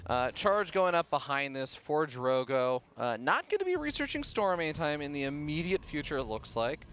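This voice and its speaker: A man's voice: fairly high pitch, big pitch swings, normal speed, a bit bright, slight background noise. A man casting a live esports match in an upbeat way, laughing easily as he talks through the play. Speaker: esports caster. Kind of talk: play-by-play commentary.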